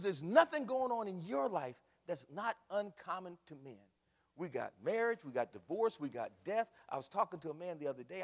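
A man preaching a sermon, dropping to hushed storytelling and rising to loud preaching. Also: on the high side, gravelly, in a large hall. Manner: folksy, addresses the congregation as y'all.

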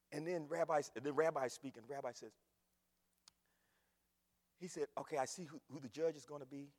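A man preaching a sermon, swinging from shouts to hushed quotes. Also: on the high side. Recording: long hall reverb.

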